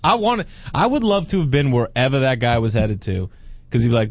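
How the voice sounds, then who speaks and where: A man's voice: medium pitch, sing-song, brisk. A man joking and riffing with crude humor in casual banter.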